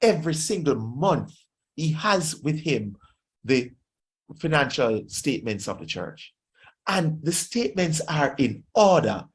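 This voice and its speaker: A man's voice: on the high side, very animated, a little slow. A pastor with a Jamaican accent preaching a sermon, exhorting his listeners and slipping into Patois phrases.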